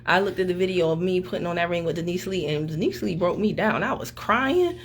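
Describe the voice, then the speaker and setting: A woman team leader chatting casually on camera with her team, lively, teasing and motivational. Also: on the low side, brisk. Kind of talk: casual group chat on camera.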